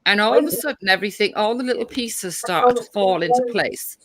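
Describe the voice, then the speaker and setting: A woman's voice: medium pitch, brisk, crowd noise. A woman in a heated online debate, combative and dismissive, repeating her points.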